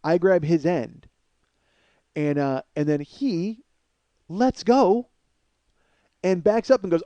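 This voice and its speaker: A man hosting a podcast, telling a profane comedic story to listeners in an animated monologue. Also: high-pitched, slow pace, long pauses, dry recording, highs cut off. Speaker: podcast host.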